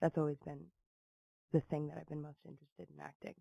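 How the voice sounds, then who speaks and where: Relaxed woman guest, gravelly and tired-sounding, dry humor, close and dry mic. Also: sits low, fast, no room sound, dull audio. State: tired, husky voice. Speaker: guest actress. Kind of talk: casual chat.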